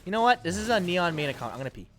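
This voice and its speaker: Animated man joking while gaming. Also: sits high, soft background music. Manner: joking, playful, quick banter. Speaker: streamer. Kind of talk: casual chat while playing a shooter game with friends.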